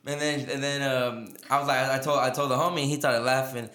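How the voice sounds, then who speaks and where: This male podcast host talks fast in a steady mid-range voice, with background noise and room echo around him. Chatting casually, he wanders through a story, laughing, using plenty of filler words and quoting what people said.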